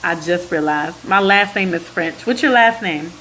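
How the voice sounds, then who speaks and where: A woman's voice: fairly low pitch, normal speed, sharp tone, a little hiss or hum, rough recording. A woman hosting a casual phone livestream, chatting and laughing with viewers, often drifting off topic. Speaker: livestream host. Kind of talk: casual livestream chat reading viewer comments.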